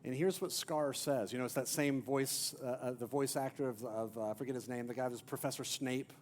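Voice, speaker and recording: A male pastor delivers a sermon in a mid-pitched voice, telling stories with emphasis. He swings from loud, pressing lines down to near-hushed ones. A faint low rumble hums behind him in the church. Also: fairly even intonation, fairly quick.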